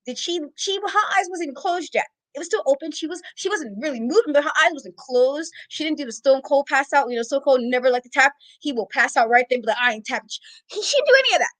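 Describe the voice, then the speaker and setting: A woman co-hosting a casual wrestling talk show, ranting in a sassy, exasperated, animated way. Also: high-pitched, dry recording, poor audio. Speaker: podcast co-host. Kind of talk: casual wrestling recap rant.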